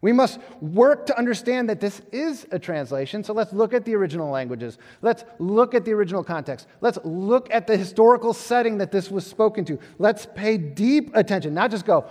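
A male pastor preaching a sermon in a conversational, animated way, with self-deprecating humor and acted-out quotes. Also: high-pitched, fairly quick, few pauses, long reverb tail.

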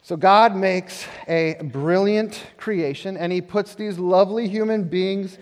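A male pastor giving a conversational, animated sermon, often repeating words as he restarts. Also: high voice, unhurried. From United States. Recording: long hall reverb.

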